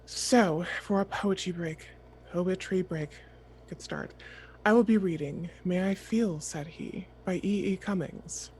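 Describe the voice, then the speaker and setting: A player in a soft ASMR tabletop game, reading a poem slowly and expressively and whispering some of the lines. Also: mid-range voice, slight background noise.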